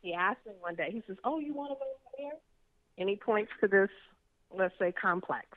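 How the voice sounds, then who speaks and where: A woman guest telling candid stories with a blunt, lively manner, often laughing, heard over a phone call. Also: medium pitch, a little fast, no echo. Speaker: interview guest. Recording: tinny phone line.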